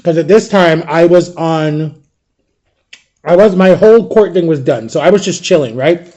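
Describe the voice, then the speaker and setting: Chatty man with a mellow voice. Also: a little high, normal speed. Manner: chatty, peppers talk with "like" and "right?"; emotional, vivid retelling of memories. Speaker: vlogger. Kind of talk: casual storytelling monologue.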